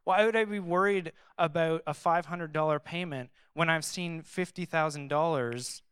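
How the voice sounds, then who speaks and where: A young man preaching in a relaxed, chatty way, reading scripture and then reacting to it with lively, sarcastic asides. His voice sits a little high and sounds smooth and resonant. The recording is dry and close, with no room echo. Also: moderate pace. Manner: animated, conversational, sarcastic asides. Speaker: pastor. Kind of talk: casual sermon with Bible reading.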